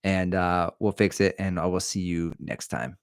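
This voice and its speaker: A middle-aged man hosts a casual livestream, rambling through viewer comments with an easygoing, jokey manner. His voice sits on the low side, and the sound is dry and close with little room around it. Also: steady tone, normal speed, smooth, no echo. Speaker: livestream host answering chat. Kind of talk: casual live-stream chat.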